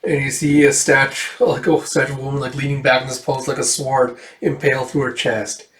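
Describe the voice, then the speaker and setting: A man's voice: medium pitch, level tone, brisk, fairly bright tone. A man casually recapping a comic story in a slangy, reactive way. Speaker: manga reader and commentator. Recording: echoey room, far from mic.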